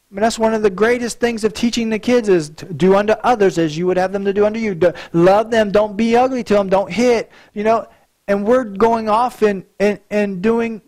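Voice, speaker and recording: High-voiced pastor preaching earnestly. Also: male voice, a little mellow. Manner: earnest, repeats words when he stumbles. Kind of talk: sermon.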